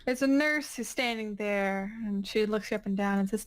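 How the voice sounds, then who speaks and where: A woman's voice: mid-range voice, normal speed. A woman narrating as game master of a tabletop game, casual and playful.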